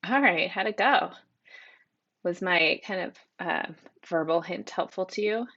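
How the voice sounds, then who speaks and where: A woman's voice: on the low side, a little slow, fairly bright tone. A woman teacher giving an upbeat, encouraging spelling lesson to children, on a dull lo-fi home recording. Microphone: tablet microphone.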